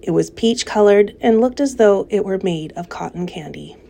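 A woman reads a children's novel aloud at a gentle, measured pace. Her voice is mellow and warm. A gravelly fry texture colors her phrase endings. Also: medium pitch, expressive. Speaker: audiobook reader.

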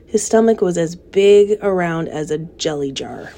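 A woman reading a children's novel aloud in a gentle, steady storytelling manner. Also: on the low side, measured pace. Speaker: narrator.

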